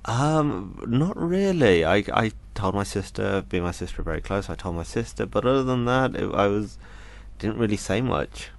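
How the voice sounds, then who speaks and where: A young British man, an interview guest, talks in a very deep voice with vocal fry, animated yet earnest and reflective as he tells his story to an interviewer. He often stumbles and starts over, stopping to quote people he encountered.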